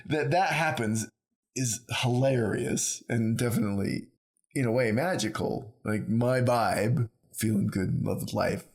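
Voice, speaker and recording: A man co-hosting a podcast, rambling through ideas in casual conversation and telling stories with lively acted-out quotes. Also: mid-range voice, a little slow, vocal fry. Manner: rambling, animated storyteller who acts out quotes. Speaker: podcast co-host.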